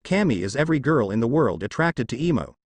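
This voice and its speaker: A cocky, scheming teenage ninja musing wryly in a lively voice, as a male storyteller reads him. Dry, close audiobook sound. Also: medium pitch, fast, no room sound.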